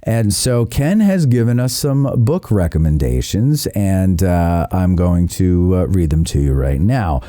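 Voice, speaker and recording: A male podcast host in casual chat, an animated storyteller who acts out the voices. His pitch moves a lot, and his tone is mellow. The sound is dry and close. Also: a little slow, hardly any pauses, no echo.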